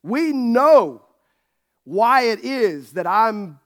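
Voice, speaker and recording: A man's voice: very high voice, very animated, extremely slow, a bit bright. A middle-aged man preaching a sermon as pastor, folksy and joking with his congregation. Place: church sanctuary.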